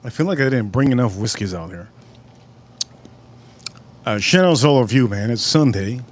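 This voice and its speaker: A man's voice: medium pitch, moderate pace. Rambling man hosting a live stream. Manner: rambling, animated storyteller. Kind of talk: casual live-stream chat.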